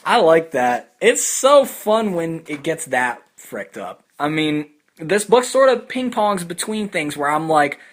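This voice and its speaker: A young man hosting a poetry podcast, talking casually and haltingly about poems and reading lines aloud. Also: a little high, sing-song. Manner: thoughtful, halting, with many fillers and restarts. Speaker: podcast host discussing poetry.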